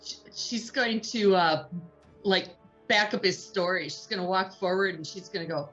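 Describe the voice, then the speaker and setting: A woman's voice: on the low side, a little slow, fairly bright tone, dull audio, faint music behind. A woman playing a tabletop game and describing what her character does. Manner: narrates her character's moves. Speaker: player.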